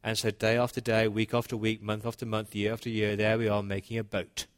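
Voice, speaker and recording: In a dramatic first-person sermon retelling, a male pastor becomes Noah, a humble, earnest older man recounting the flood in a conversational way. His lowish, natural voice comes out a little fast and completely flat.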